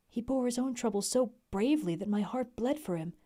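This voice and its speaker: A young adult woman reading a classic novel aloud on a livestream, with an expressive delivery. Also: fairly high pitch, fairly quick, hardly any pauses. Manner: expressive reading, laughs in chat breaks.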